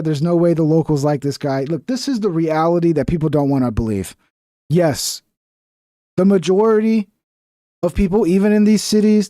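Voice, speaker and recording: A man's voice: a little high, dark tone, no echo. Angry man ranting in dry audio. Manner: heated, profane, exasperated ranting. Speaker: political commentator reacting to clips. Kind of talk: casual reaction commentary.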